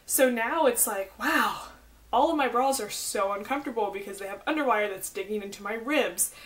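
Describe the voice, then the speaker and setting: Chatting to her camera at a moderate pace, the young pregnancy vlogger with a Southern accent wanders cheerfully between asides, packing her talk with fillers. Her voice is somewhat high and a little bright.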